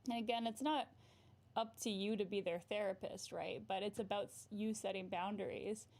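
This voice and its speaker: A woman's voice: medium pitch, fairly even intonation, normal speed, darkish tone. A young adult woman, a therapist, giving casual advice on a livestream, often ending points with "right?" and laughing. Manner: frequent "right?" tag questions, laughs often.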